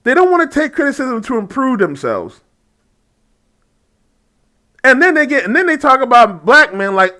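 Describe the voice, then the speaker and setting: Mocking, lively high-voiced man. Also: normal speed, pauses often. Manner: mocking, laughs often, swears freely. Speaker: commentator reacting to a video. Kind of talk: casual reaction commentary.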